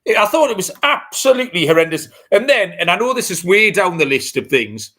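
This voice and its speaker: A man, co-hosting a podcast in loose, casual chat. His voice is bright and a touch high, and he rants bluntly with plenty of swearing. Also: very animated, brisk. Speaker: podcast co-host.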